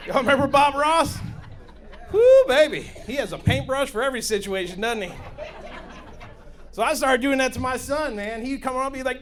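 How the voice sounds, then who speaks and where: A man's voice: sits high, expressive, normal speed. A man hosting a comedy club night, doing stand-up with rowdy, hyped crowd work. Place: comedy club stage with live audience.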